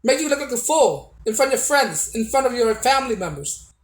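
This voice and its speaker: A man with a very high, sing-song voice delivers a casual opinion monologue to camera as a video blogger, talking a little fast. He is preachy and repetitive, restarting often and tacking on tag questions. The recording is low quality with a roomy sound.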